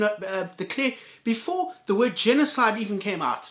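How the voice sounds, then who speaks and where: A man's voice: high voice, animated, moderate pace, hardly any pauses. Profane ranting man, muffled sound. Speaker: commentary host. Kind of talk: angry reaction commentary.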